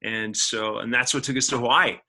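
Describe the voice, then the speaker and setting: A man from Indiana, a podcast guest, telling a personal story in animated conversation, acting out other people's lines as he goes. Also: mid-range voice, a little fast. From Indiana, USA.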